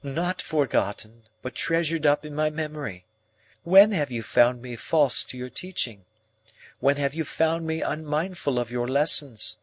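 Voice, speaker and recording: A man reading an audiobook, voicing a proud, composed young woman who speaks in a calm, measured way. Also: a little high, no echo, voice pushed up. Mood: cool. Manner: calm, measured, coldly reasoning.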